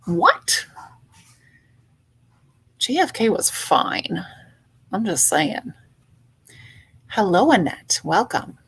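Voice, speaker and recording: Slow-talking woman livestreamer. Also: medium pitch, very animated, husky. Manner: chatty, greets viewers warmly by name, playful. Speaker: livestream host. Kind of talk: casual livestream chat greeting viewers.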